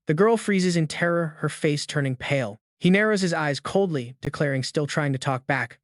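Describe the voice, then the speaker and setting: A man's voice: on the high side, moderate pace, dry recording. Man narrating a story recap, dry.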